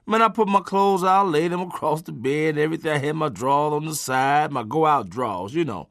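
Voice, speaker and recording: A man telling a comic story from his own life, animated and profane, swinging from loud bursts to low asides. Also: a little fast, no room sound.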